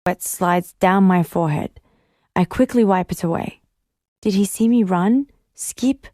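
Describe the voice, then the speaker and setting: Mellow woman narrating an audiobook. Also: on the low side, measured pace, dry recording, clean studio sound. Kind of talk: first-person audiobook narration.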